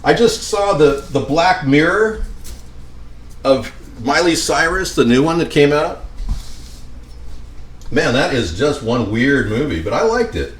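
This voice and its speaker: A man's voice: mid-range voice, very animated, slow pace, long pauses, a bit bright, far from the mic, a little hiss or hum. A man rambling and joking to viewers as he cooks in his home kitchen. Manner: rambling, jokey, talks to viewers while cooking. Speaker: home cooking vlogger. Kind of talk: rambling comedic cooking vlog. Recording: roomy, off-mic with faint ambience.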